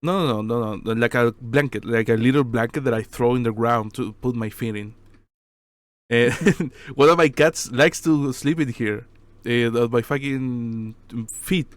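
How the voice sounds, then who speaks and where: Man, podcast co-host, casual chat, smooth resonant voice, dry close mic. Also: mid-range voice, measured pace, no room sound. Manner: laughing often, swearing, loose non-native phrasing.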